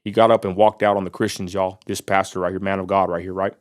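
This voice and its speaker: A man from Texas rants hard in a vlog, fired up and preaching at his listeners. His voice sits a little low, and he leans on folksy Southern phrasing while talking outdoors by a roadside lot. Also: level tone, fast talker. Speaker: vlogger. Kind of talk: angry ranting vlog.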